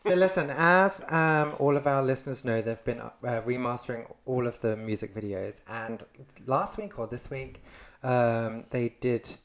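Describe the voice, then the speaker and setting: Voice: medium pitch, normal speed, few pauses. A podcast co-host chatting casually, rambling with many fillers and restarts. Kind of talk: casual chat.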